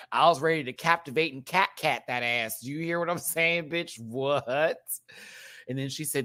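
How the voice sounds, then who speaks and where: A man reviewing a drag competition show in a casual, campy rant, laughing often and swinging between loud outbursts and quiet asides. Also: unhurried, pauses often. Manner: big jumps in pitch and loudness. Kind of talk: casual commentary.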